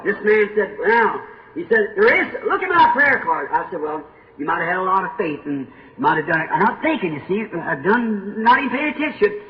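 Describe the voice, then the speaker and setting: A man preaching a sermon, telling stories dramatically and swinging from hushed to shouting. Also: high voice, animated, fairly quick. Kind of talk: sermon storytelling. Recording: old echoey lo-fi sermon tape.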